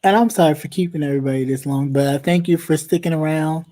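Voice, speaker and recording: Laid-back man, mellow voice. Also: on the high side, fast talker. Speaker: co-host. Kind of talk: casual livestream chat.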